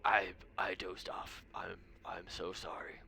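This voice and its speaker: A man voicing an ancient, frail, half-deaf male wizard who stammers in a breathy half-whisper during a tabletop game. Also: medium pitch, slow, pushed and bright, a little hiss or hum, voice pushed up. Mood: flustered.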